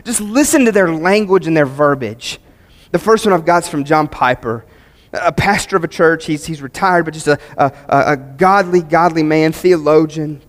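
A man's voice: a little high, normal speed, in a large hall. A male pastor preaching a sermon, emphatic and building to fervent peaks on key phrases.

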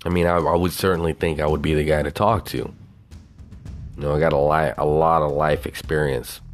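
A man with a Southern US twang talks through his own podcast in a loose, profane, bragging ramble. His voice sits extremely low, a deep bass rumble. Faint music plays underneath. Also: little pitch movement, a little fast. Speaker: podcast host. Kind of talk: casual solo podcast talk.

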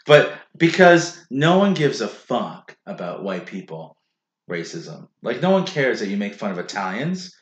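Animated, rambling male podcaster, roomy sound. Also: on the low side, measured pace, muffled recording. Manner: rambling, swears freely, frequent "like". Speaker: podcast host and comedian. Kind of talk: casual podcast chat. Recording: roomy echo.

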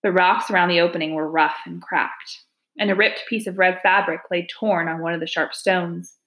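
A woman reading a children's folk-tale novel aloud, calm and measured with hushed suspense. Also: fairly low pitch. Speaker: audiobook narrator. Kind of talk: storybook narration.

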